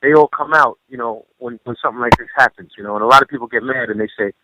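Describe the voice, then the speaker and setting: A rapper phoning in as a guest, telling stories in a rambling, profane way, full of "you know". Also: male voice, medium pitch, very fast, noisy background. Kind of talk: casual storytelling over the phone. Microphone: phone. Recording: muffled phone line.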